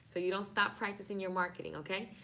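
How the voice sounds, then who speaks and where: A woman's voice: medium pitch, fairly even intonation, quick pace, bright, forceful tone. A woman with a Southern US accent, chatting casually and playfully on a live stream about marketing. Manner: chatty, playful, signs off again and again.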